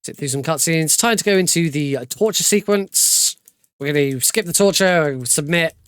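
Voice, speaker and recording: A man's voice: a little high, moderate pace, a bit bright, smooth, no echo, clean studio sound. A man giving casual, joking live commentary while playing through a video game speedrun. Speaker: speedrunner streamer. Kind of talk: live commentary over gameplay.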